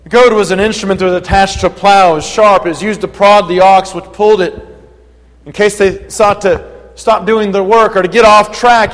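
High-voiced preacher in a reverberant hall. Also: male voice, fairly even intonation, brisk. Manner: earnest, rising to forceful emphasis. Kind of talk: sermon.

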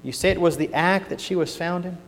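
Male preacher, fairly high voice, folksy and emphatic, hushed readings and loud points, long hall reverb in a church. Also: fairly quick, vocal fry. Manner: folksy turns of phrase. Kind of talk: sermon. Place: church sanctuary.

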